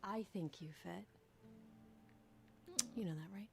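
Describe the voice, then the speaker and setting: A woman's voice: mid-range voice, slow, creaky, music in the background. An actress voicing a cheerful, teasing young woman drummer who supports her friend in a story game. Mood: supportive. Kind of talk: game voice acting.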